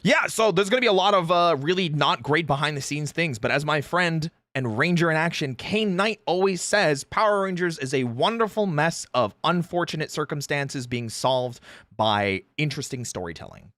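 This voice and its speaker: A male streamer hosting a casual group chat, explaining trivia in an animated, talkative way. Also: fairly high pitch, normal speed, no echo. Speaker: streamer host.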